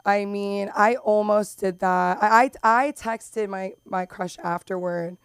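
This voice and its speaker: A young woman from Los Angeles with a Valley girl accent, doing open mic stand-up in a rambling, filler-heavy way that jumps into loud squeals. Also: medium pitch, fairly even intonation, slow, clear, resonant tone, no room sound, studio quality. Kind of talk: stand-up comedy. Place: comedy club.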